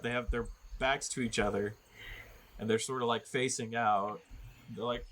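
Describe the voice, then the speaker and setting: A man narrating as game master of a tabletop game, jokey and quick to laugh. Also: fairly even intonation, a bit bright. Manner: jokey, laughs often, squeaky voices for goblins.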